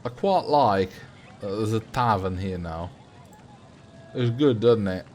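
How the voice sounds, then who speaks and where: A man's voice: fairly low pitch, animated, slow pace, darkish tone, a little hiss or hum. A man whose first language is Dutch, joking with his chat in a casual livestream while he plays. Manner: jokey, bantering with chat. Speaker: streamer.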